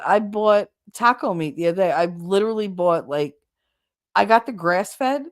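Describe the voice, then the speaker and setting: A woman with a New Jersey accent hosting a casual livestream chat, chatty and blunt, her voice going hoarse from talking so long. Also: fairly low pitch. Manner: chatty, rambling, blunt with swearing. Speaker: livestream host reading chat.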